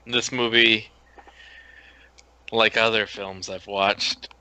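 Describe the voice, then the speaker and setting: A man's voice: lowish voice, level tone, slow pace, bright, forceful tone, clear, resonant tone, no room sound, rough recording. A man co-hosting a casual movie review podcast, ranting bluntly and swearing. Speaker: podcast co-host.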